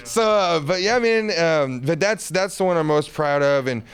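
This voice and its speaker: A man's voice: fairly high pitch, expressive, moderate pace. A man, a musician and painter, telling rambling stories in a casual interview, heavy on slang and laughter. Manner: rambling, laid-back, lots of slang and laughter.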